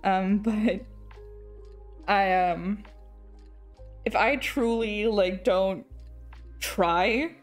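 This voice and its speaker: Over soft background music, a young English-accented woman draws on stream and chats extremely slowly with many pauses in a mid-range voice. She rambles, restarts sentences, laughs often and swears now and then.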